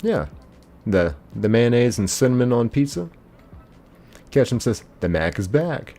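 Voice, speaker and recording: A man's voice: medium pitch, sing-song, a little slow, faint music behind. A young man hosting a live game stream, chatting casually and reading out viewer comments. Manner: laid-back, chatty, greets viewers warmly by name. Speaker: livestream host.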